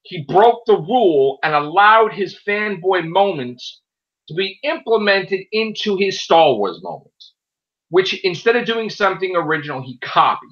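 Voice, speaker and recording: A man hosting a casual chat show who rants in an animated way and swears a lot. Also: sits high, normal speed, muffled recording. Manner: animated, profane ranting. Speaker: podcast host.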